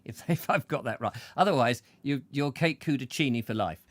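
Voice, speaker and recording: A man's voice: medium pitch, big pitch swings, brisk, hardly any pauses, dry recording. A man hosting a chatty show, rambling playfully and tripping over names as he reads out comments. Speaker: show host. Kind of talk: chatty live-stream banter.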